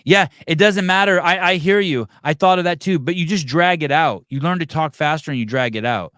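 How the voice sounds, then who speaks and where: A male podcast host in casual chat, ranting in a profane, animated way. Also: on the high side, fairly quick, clear, resonant tone, no echo, clean studio sound.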